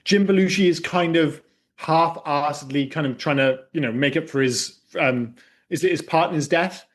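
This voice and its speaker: A man's voice: fairly high pitch, moderate pace. A man hosting a casual film podcast, chatty and wry, swearing freely. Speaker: podcast host.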